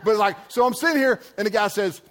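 A man's voice: high voice, fast talker, fairly bright tone. A man, a pastor, giving a sermon in a church service with chatty, storytelling asides and slang. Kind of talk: sermon to a youth audience.

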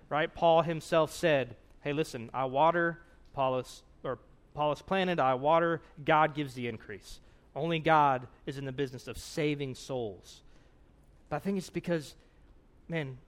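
A man preaching a sermon in an earnest, conversational way, often checking in with "right?" and reading scripture aloud with rising emphasis. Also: on the high side.

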